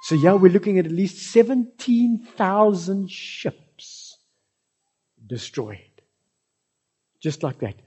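Impassioned South African preacher, husky voice. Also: male voice, very animated, takes it slowly, long pauses. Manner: impassioned, swings between loud cries and soft low asides. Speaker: pastor. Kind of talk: sermon.

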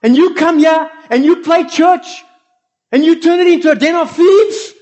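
A man acting out Jesus in a fury, shouting indignantly. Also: mid-range voice, normal speed, lo-fi sound, close to an everyday voice. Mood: outraged. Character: furious Jesus clearing the temple, man.

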